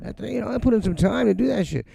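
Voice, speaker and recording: Speaking rapid-fire in a high, creaky voice, a middle-aged man goes on a casual, profane rant while livestreaming music from his home studio. He's blunt and animated, imitating other people's voices to mock them.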